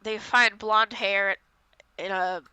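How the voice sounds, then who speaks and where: Stuffy-nosed young woman podcast co-host, bright crisp voice, dry close sound, rambling animated recap. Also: medium pitch, no echo. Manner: rambling, animated retelling with quick voiced quotes. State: congested, stuffy nose. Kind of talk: casual chat, episode recap.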